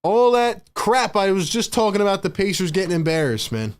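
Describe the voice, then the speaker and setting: A young man with a slightly high voice calls a basketball game live for his stream, fired up and chatty. He hollers at big shots, begs the chat for likes and jumps between plays and hot takes. His delivery is loose, fast and animated, like a fan behind a desk mic. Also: no room sound. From Philadelphia area. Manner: excitable, hypes the chat, shouts at big plays. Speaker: live stream host doing play-by-play.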